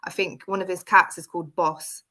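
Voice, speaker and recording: Animated, bright-voiced woman chatting football. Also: on the low side, normal speed. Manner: animated, laughs often, quotes others. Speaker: football podcast co-host. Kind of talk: casual football chat.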